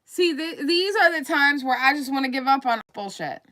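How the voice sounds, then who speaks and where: A woman's voice: sits high, lively intonation, normal speed, sharp tone. A woman livestreaming an angry, profane rant, repeating herself heatedly.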